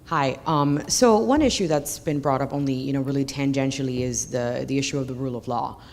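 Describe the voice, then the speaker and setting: A woman's voice: very deep voice, fairly quick, vocal fry, a little mellow, slight background noise. A woman policy researcher asking a conference panel a question from the floor, articulate but dotted with fillers. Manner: articulate, with frequent you-know fillers.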